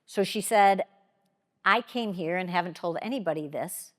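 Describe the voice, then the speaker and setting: A woman giving a motivational keynote talk, telling a personal story with dramatic pauses and acting out what others said. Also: fairly low pitch. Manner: expressive, dramatic pauses, quotes people aloud. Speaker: keynote speaker. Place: large conference hall. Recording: long hall reverb.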